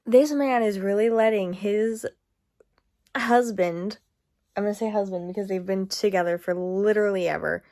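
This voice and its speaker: A woman's voice: medium pitch, normal speed, warm tone. A young woman talking casually at home about a book she is reading, chatty and exasperated, breaking into laughs. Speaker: book vlogger. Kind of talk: casual reading-update vlog.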